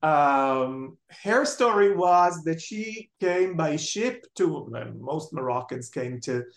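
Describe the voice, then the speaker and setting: In a reverberant space, a speaker from Israel with a mid-range voice talks at a slow pace. As a memoir author giving storytelling answers in an interview, they bring family stories to life, acting out the people they quote.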